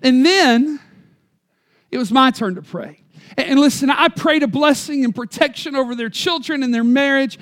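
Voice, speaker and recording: Male pastor, 30s, very high pitch, emphatic storytelling sermon. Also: normal speed. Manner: storytelling, emphatic, varies loudness for effect. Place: church.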